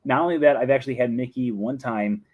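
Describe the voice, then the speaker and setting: A man's voice: mid-range voice, fast, darkish tone, no room sound. A young man hosting a casual show where he answers viewer questions. He talks in a chatty, rambling way and laughs often. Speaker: host.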